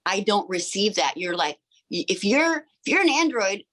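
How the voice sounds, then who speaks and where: A woman's voice: medium pitch, sing-song, moderate pace, a bit bright. A woman in her forties, a sound healer, telling her own story as an interview guest in an earnest, rambling way with many fillers and restarts. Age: 40s. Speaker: sound healer and crystal shop owner.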